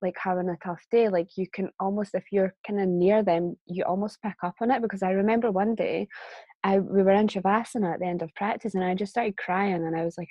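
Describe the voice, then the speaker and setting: A woman's voice: medium pitch, steady tone, fairly quick, mellow, dry recording. A woman telling a personal story as a guest in a casual conversation, chatty and laughing often. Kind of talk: casual chat.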